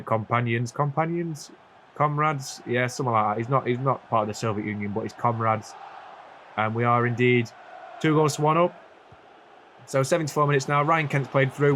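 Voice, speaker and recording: A young man casually commentating a football video game, chatty and sweary, with quick asides and self-corrections. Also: medium pitch, fairly bright tone, slight background noise. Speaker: gaming YouTuber.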